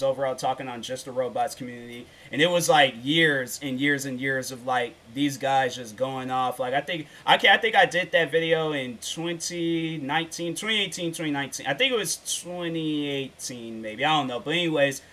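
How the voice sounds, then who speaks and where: A man's voice: a little high, pushed and bright. A man ranting casually as a YouTuber, rambling with lots of "like" and restarts, and turning insistent when he makes a point. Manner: rambling, slangy, full of "like" and restarts. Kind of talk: casual rant.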